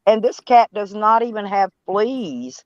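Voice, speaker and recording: A woman's voice: medium pitch, expressive, measured pace, darkish tone, no echo. A woman, chatting casually and rambling on a live stream. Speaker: van life live streamer. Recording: dull, dry lo-fi sound.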